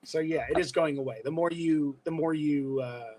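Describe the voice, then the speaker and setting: A man with a New York accent, originally from Brooklyn, guesting on a podcast and telling animated stories that slip into voices. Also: a little high, normal speed, slight background noise. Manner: animated storyteller slipping into voices. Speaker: guest, illustrator and voice performer. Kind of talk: casual podcast interview.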